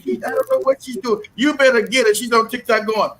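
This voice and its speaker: A man's voice: extremely high pitch, big pitch swings, brisk, a bit bright, low-quality recording. A man hosting a casual live talk show, joking and teasing with lots of laughter.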